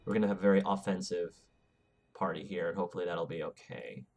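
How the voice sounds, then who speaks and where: A man casually commenting over a game he plays. His voice sits low, and he often stumbles and restarts mid-sentence in a chatty way. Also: steady tone, quick pace, darkish tone. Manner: rambling, self-correcting, chatty. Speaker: let's play host.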